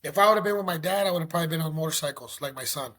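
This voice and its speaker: A middle-aged man from Mexico, a former pro pitcher, telling stories in a casual interview, animated and acting out phone calls. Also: rapid-fire. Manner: animated, acts out phone calls, says "you know" often.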